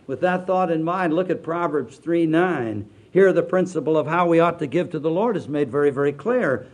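Older preacher swinging soft to loud. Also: male voice, a little high, lively intonation. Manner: swings from hushed to loud, drawn-out emphasis. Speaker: pastor. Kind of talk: sermon.

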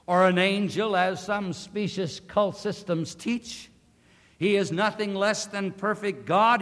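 A man preaching a sermon, emphatic and deliberate, slowing down to stress key words. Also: sits high, a bit bright. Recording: long hall reverb.

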